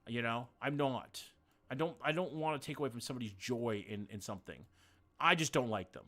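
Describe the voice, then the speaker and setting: A man's voice: medium pitch, fairly quick, a bit bright. A man streaming a game live, thinking aloud, swearing casually and greeting viewers by name. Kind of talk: casual live-stream chat while playing.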